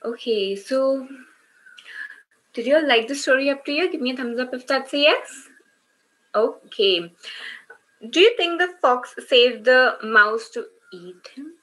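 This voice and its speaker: A woman with a bright, fairly high voice leads children through an online story class. She encourages them warmly in words, asks questions, and keeps checking in with "okay?". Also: expressive, unhurried, pauses often, rough recording. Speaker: children's workshop teacher.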